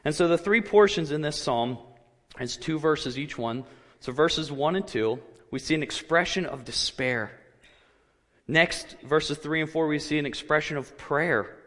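A man preaching a sermon, earnest and measured, his voice rising when he quotes cries of anguish. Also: a little high, a bit bright, big-room sound. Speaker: pastor.

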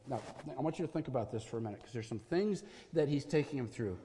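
A man's voice: mid-range voice, lively intonation, fast, few pauses, warm tone, big-room sound. A man preaching a sermon as pastor, earnest and emphatic, building his points through repeated parallel phrases.

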